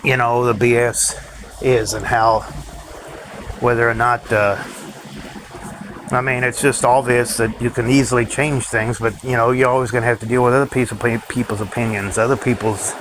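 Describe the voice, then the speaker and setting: Man, ranting vlog monologue, bitter, cursing, dry laughs, mid pitch, noisy with traffic behind. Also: fairly even intonation, normal speed. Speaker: vlogger.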